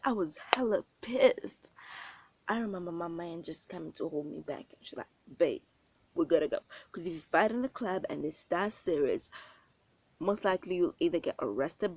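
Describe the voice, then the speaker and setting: A woman telling a story on her vlog, slangy and animated, acting out the quotes with loud bursts. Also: lowish voice. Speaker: vlogger.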